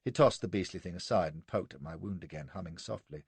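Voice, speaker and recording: Wry gravelly male audiobook narrator. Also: low-pitched, quick pace, no echo. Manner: wry, expressive storytelling. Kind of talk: first-person period novel narration.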